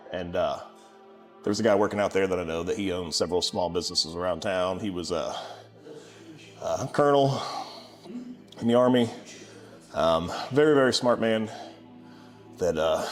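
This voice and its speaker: A low-voiced man in his twenties tells his story casually and with a sarcastic edge. His voice jumps up when he acts out the people in it. Soft music plays quietly behind him. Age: 20s. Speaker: gym owner vlogger.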